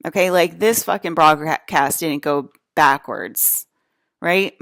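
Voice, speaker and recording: A woman's voice: deep voice, takes it slowly, a bit bright, no echo. A woman from New Jersey giving a rambling solo rant to camera, profane, emphatic and repetitive. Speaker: vlogger.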